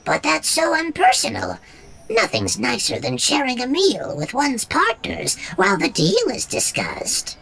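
Brief: male reader as a squeaky, creaky, prim little alien lady, very high. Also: wildly swooping pitch, pushed and bright, full character voice, low-quality recording. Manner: genteel, slow, refined. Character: prim female squib, small furry alien.

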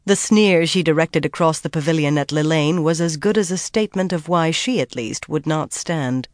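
An audiobook narrator giving steady, measured scripted narration of a fantasy story. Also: mid-range voice, dry recording, studio quality.

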